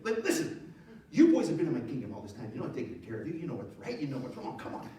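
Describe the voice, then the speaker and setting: A preacher voicing a boastful, vain male king in a loud, comic, exaggerated way. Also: lowish voice, unhurried, pitched below the performer's own voice, close to an everyday voice. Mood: coaxing. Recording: echoey hall, distant mic.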